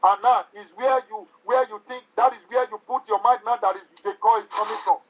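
A man's voice: sits high, fairly even intonation, fairly quick. A man preaching a sermon with fervent, repetitive exhortation. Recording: tinny phone-like recording.

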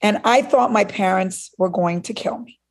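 A middle-aged Cuban woman, the guest of an interview, narrates a personal experience with animation, acting out other people's remarks. She has a mid-range voice and keeps a moderate pace.

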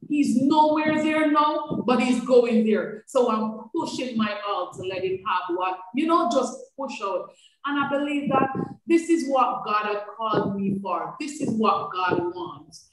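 A woman's voice: on the high side, unhurried. A woman, a foster care director and foster mother, speaking with passion and faith on a webinar video call. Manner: passionate, repetitive, faith-filled. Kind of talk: heartfelt testimony on a webinar. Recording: echoey, distant from mic, noisy.

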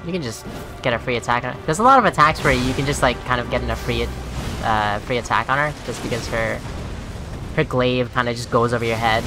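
Profane woman streamer over game music. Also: low-pitched. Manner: profane, exasperated, talks to viewers; shouts and shrieks when dying. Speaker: streamer playing a video game. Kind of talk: gaming commentary.

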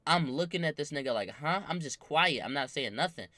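A young man with a very bright, fairly high voice. He tells a story casually and full of slang, acting out the voices of everyone in it. He is animated and talks with lots of energy. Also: a little fast, dry recording.

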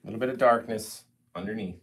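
A young man teaching a live painting tutorial, mostly soft and gentle, with sudden playful loud bursts. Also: lowish voice, fast talker. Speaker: painting instructor.

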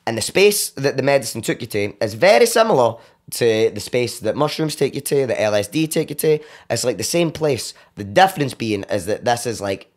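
A young man with a Glaswegian accent, a podcast guest telling a story in casual chat, animated and acting out what he once said. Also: medium pitch. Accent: Glaswegian Scottish. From Scotland. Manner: animated, acts out his own past cries and quotes.

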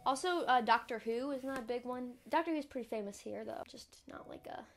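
A woman's voice: a little high, brisk, vocal fry. A young American woman vlogging in a playful, self-mocking, chatty way. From United States. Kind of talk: casual jokey vlog.

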